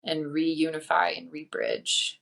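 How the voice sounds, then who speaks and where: A woman speaking softly and slowly as a guest in a casual podcast chat. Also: deep voice, huge pitch swings, vocal fry.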